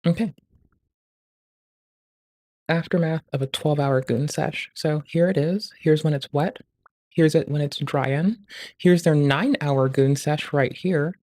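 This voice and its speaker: A livestreamer talks through the stream in casual commentary, swearing nonstop. The voice sits at a middling pitch and keeps a crude, ranting edge. It spikes loud and high whenever a rant builds. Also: unhurried, pauses often, no echo, clean studio sound. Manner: profane, ranting, crude jokes; rising loud and high in outbursts.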